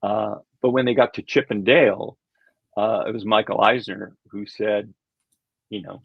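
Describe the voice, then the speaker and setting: Older man, gravelly husky voice, low pitch, rambling anecdotes, dull lo-fi sound. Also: steady tone, moderate pace, no echo. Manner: rambling, chuckling, acts out quoted voices. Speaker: animation creator, interview guest. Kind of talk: casual anecdotal storytelling.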